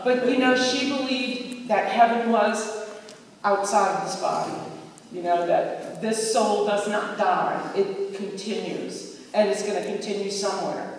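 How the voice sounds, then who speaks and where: A woman's voice: mid-range voice, unhurried. A middle-aged woman speaks a heartfelt eulogy in a loose, chatty way, her voice catching with emotion now and then. The recording is taken from far back in a large, very echoey opera house, with a long reverb tail and faint room noise. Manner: emotional, conversational, laughing through tears. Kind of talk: heartfelt memorial tribute.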